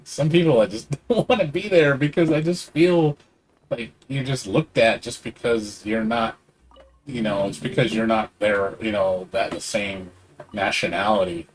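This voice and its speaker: A man's voice: on the low side, slight background noise. A middle-aged man streaming a game, rambling in casual chat and swearing freely. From Hispanic background.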